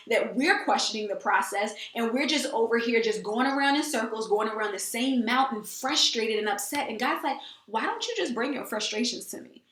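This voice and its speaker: A woman sharing her faith in a relaxed testimony style, earnest and emphatic, driving her points home by repeating them. Her voice sits a little high, and the room around her rings with echo. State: teary. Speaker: host. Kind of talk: faith talk, casual testimony. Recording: echoey room.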